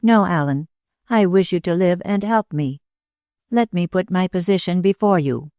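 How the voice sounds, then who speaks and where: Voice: mid-range voice, moderate pace, no echo, studio quality, lightly acted. A narrator voicing a proud, bitter young woman. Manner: steady and bitter. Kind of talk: audiobook character reading.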